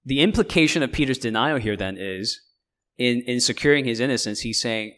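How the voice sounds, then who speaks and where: A man teaching through a Bible passage in a relaxed, conversational way, at an ordinary middle pitch. He paraphrases in lively asides and keeps checking in with his listeners. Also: a little fast. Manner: conversational, checks in with frequent "right?".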